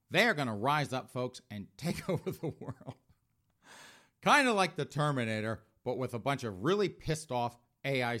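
A man's voice: medium pitch, a bit bright. A man hosting a podcast with mocking, sarcastic commentary, often addressing listeners as folks. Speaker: podcast host.

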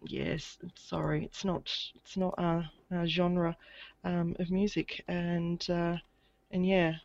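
A woman telling a personal story in a halting, hesitant way, with many restarts. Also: on the low side, little pitch movement, gravelly, a little mellow, no echo, lo-fi sound. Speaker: guest. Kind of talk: casual recounting of a personal experience.

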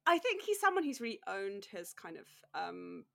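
A woman's voice: mid-range voice, big pitch swings, normal speed, gravelly, a bit bright. A woman film critic from the UK, chatting casually on a podcast as a guest, laughing often and using many fillers.

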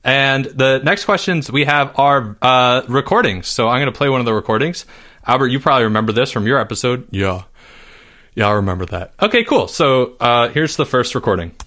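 A man's voice: mid-range voice, expressive, brisk, pushed and bright. A man hosting a casual listener Q&A, friendly and easily amused, keeping things moving. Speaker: podcast host. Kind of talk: casual chat.

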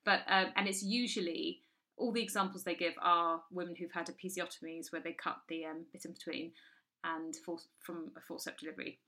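Bright, blunt woman co-host. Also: lowish voice. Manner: blunt, crude and animated. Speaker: podcast co-host. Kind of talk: casual chat.

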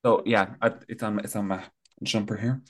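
Man, podcast guest, low-pitched, excitable talk full of fillers. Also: normal speed. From Ireland. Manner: chatty, enthusiastic, lots of "like" fillers. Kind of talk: casual chat.

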